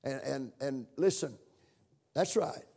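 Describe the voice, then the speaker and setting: A pastor preaching a sermon in church, rising to loud emphatic passages and dropping to quiet asides. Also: male voice, mid-range voice, lively intonation, takes it slowly, creaky, slightly rough.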